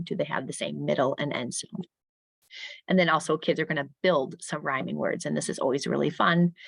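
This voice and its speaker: Woman teacher trainer, low voice, dry close sound, crisp modeled speech sounds, middle-aged. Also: fairly bright tone, no echo. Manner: models speech sounds slowly and crisply, rising when addressing pupils. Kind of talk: professional development talk for teachers.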